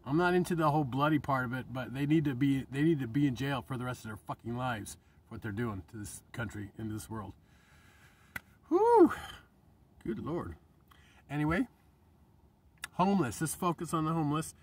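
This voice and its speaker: A man's voice: medium pitch, fairly quick, slightly rough, far from the mic. A middle-aged man in an emotional monologue to camera, impassioned and rambling, swearing and restarting his sentences. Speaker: vlogger.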